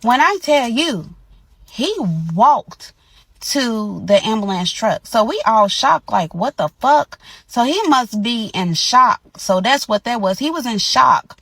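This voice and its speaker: Gravelly-voiced woman telling a family story. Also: a little high, measured pace, no echo. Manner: animated, emphatic retelling with colloquial speech. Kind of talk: casual storytime monologue.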